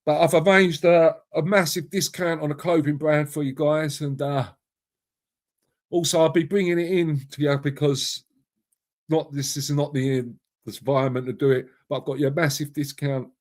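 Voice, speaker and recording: A man's voice: a little high, steady tone, moderate pace. A middle-aged English man hosting a casual live chat, blunt and matey, swearing freely and calling viewers mate and bruv. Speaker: live stream host.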